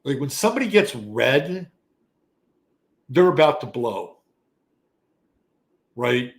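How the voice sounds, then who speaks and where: A man in his sixties, an astrology show host, telling a casual story in an animated, profane, conversational way. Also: medium pitch, slow pace. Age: 60s. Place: Texas.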